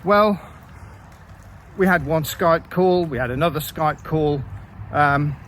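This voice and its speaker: A man casually telling a story about his own life, with wry, self-deprecating asides and frequent pauses and fillers. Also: fairly high pitch, a bit bright, a little hiss or hum, low-quality recording. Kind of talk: casual first-person storytelling.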